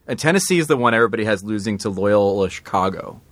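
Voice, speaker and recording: A man's voice: lowish voice, animated, fast talker, a bit bright, no echo. A man co-hosting a podcast in casual chat, joking, laughing often and restarting his sentences. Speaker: podcast co-host.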